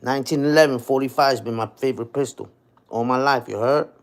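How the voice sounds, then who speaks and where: A man's voice: mid-range voice, fast. A man in his forties hosting a casual livestream chat on his phone, slangy and chatty, answering viewer comments and tagging lines with "you heard?". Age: 40s. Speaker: livestream host.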